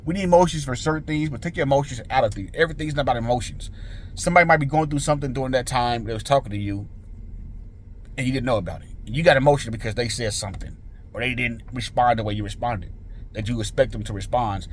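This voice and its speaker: A man's voice: mid-range voice, fairly even intonation, fast talker, slight background noise. Casting: earnest man in his forties, casual motivational monologue, informal slang, faint ambience behind. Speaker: motivational channel host.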